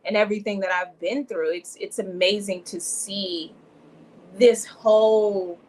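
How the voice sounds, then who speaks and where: A woman's voice: medium pitch, steady tone, a little slow, darkish tone, poor audio. A young woman from Louisiana, raised in Atlanta, chatting casually as an interview guest, telling stories with quoted asides and laughing easily.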